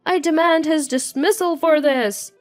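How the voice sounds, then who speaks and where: A woman's voice: high voice, a little slow, soft background music, pitched above the performer's own voice. A woman voicing a longtime accounting employee who makes an urgent accusation. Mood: accusing.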